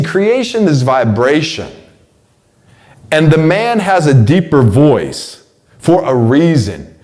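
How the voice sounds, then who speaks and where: A man in his forties giving a casual spoken monologue, slangy and stumbling over repeated words, his voice climbing when he gets excited. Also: medium pitch. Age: 40s. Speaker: host delivering a weekly message.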